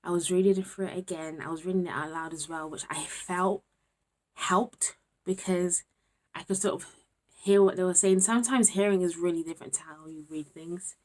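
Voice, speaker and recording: A woman's voice: on the low side, fairly even intonation, normal speed. A young woman, a student talking candidly to camera in a casual vlog, often dropping to a murmur. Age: 20s. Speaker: university student vlogger.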